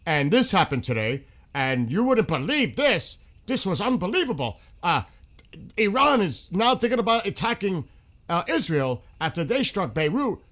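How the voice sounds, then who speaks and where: A man's voice: sits high, sing-song, moderate pace, a bit bright, pitched above the performer's own voice, full character voice. A man voicing an overdramatic male TV news anchor with exaggerated, sensational emphasis.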